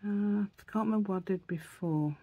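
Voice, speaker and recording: Husky woman rambling through a craft tutorial. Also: medium pitch, fairly quick, narrow, tinny audio. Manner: rambling, thinks aloud and corrects herself. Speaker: craft channel host.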